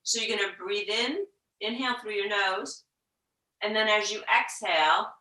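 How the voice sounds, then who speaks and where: A woman teaching a yoga class, talking slowly and gently, sometimes dropping to a whisper to show the breath. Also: mid-range voice, far from the mic. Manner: slow, gentle guiding with soft whispered breath demos. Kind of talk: guided yoga instruction. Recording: echoey room, voice from off-mic.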